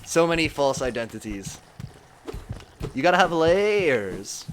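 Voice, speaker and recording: A man's voice: fairly high pitch, sing-song, slow pace, slight background noise. A young man from Southern California chatting casually and joking while he streams a game, laughing often. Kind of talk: casual live-stream chat while gaming.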